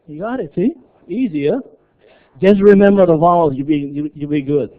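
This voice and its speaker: A man's voice: a little high, normal speed. A man presenting at a live workshop, drilling pronunciation by repetition and checking in with the room after nearly every phrase. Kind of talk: live seminar teaching. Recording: tinny phone-like recording.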